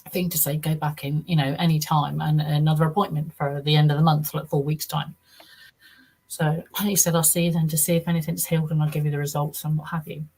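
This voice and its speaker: Interview guest: English woman, middle-aged, gravelly low voice, rambling storyteller who acts out every quote. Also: rough recording. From southern England. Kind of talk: personal testimony in an interview.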